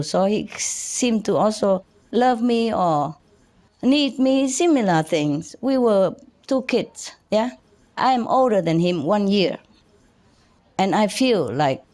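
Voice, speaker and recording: A woman tells her own life stories to listeners as their spiritual teacher. She speaks in a halting, informal way, restarting phrases and chuckling often. Her pitch sits in an ordinary middle range. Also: darkish tone. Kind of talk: personal storytelling to an audience.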